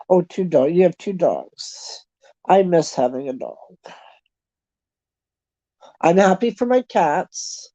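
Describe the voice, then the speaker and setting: A Canadian woman in a casual chat, talking in a chatty, self-deprecating way and thinking out loud. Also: on the low side, expressive, very slow, long pauses, no room sound. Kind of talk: casual chat with online viewers. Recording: dull lo-fi sound.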